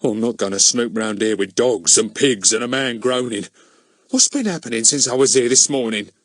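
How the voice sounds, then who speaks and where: A man's voice: medium pitch, normal speed, no echo, clean studio sound, lightly acted. A man reading an audiobook voices a pompous village policeman who blusters and gets easily frightened. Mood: scared.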